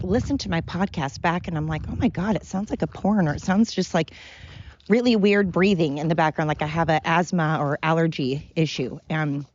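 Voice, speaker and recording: Out of breath as she walks up a hill outdoors, a woman hosts her own podcast in a loose, self-deprecating monologue. Her voice is fairly low and a little mellow, and the recording sounds muffled.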